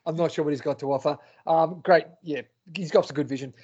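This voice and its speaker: Aussie guy with a high voice, banter and mock outrage, podcast audio a bit dull. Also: fairly even intonation, quick pace, darkish tone. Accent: Australian. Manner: joking, mock-indignant banter. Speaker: podcast co-host. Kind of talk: casual sports chat.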